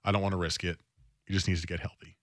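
A male sports radio host with a bright, forceful voice, recorded close and dry in a studio. He talks in a loose, animated way and often restarts phrases as he goes. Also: deep voice, fast talker, no room sound. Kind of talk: casual sports talk radio monologue.

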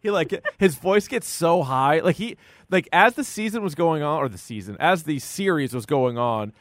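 A man co-hosting a podcast in casual chat, animated and acting out quotes with a jumpy, high voice. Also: normal speed, no room sound. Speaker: podcast co-host.

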